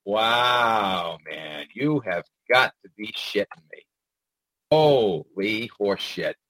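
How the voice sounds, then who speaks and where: A man's voice: mid-range voice, fairly bright tone, no room sound, rough recording. A man hosting a commentary show, delivering an indignant, profane ranting monologue full of "uh" fillers.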